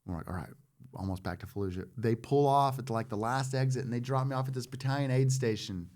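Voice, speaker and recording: A man in his forties, a former Marine guest on a podcast, telling a story in a loose, animated way and acting out what others said. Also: mid-range voice, fast talker. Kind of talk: casual storytelling.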